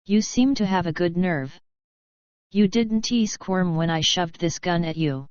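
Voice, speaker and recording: A woman reading the lines of a gruff, suspicious male lodge boss with a blunt, hot-tempered manner, in a dull lo-fi recording. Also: fairly low pitch, a little slow, no echo, natural voice.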